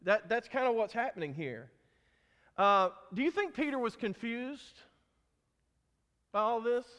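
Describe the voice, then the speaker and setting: A man's voice: very high-pitched, animated, a little slow, fairly bright tone, in a large hall. A man preaching a sermon, emphatic and asking his listeners questions as he teaches. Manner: emphatic, asks the congregation questions. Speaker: pastor.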